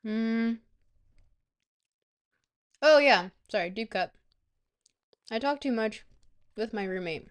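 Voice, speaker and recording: A woman streamer chatting casually to her viewers, rambling between bites and filling pauses with ums. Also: fairly high pitch, expressive, smooth.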